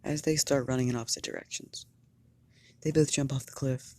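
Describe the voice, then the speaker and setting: A fan storyteller improvising a story narration, halting and often repeating words. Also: medium pitch, steady tone, darkish tone.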